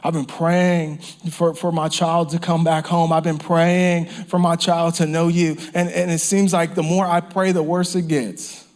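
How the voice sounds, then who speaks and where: Impassioned preacher with a higher voice. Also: male voice, level tone, measured pace, hardly any pauses. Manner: impassioned preaching with repeated phrases and dropped whispers. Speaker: pastor. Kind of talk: sermon. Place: church or campground service.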